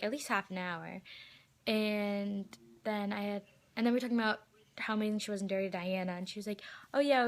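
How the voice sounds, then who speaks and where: A teenage girl excitedly telling a story about meeting someone, quoting lots of dialogue and laughing as she goes. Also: mid-range voice. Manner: excited and giggly, heavy use of "like" and quoted dialogue. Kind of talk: casual storytelling vlog.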